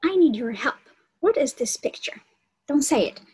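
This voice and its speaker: A woman reading the lines of a patient preschool teacher who sounds words out slowly for small children. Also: high-pitched, animated, darkish tone, pitched above the performer's own voice, low-quality recording. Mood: encouraging. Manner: slow, exaggerated sounding-out of words.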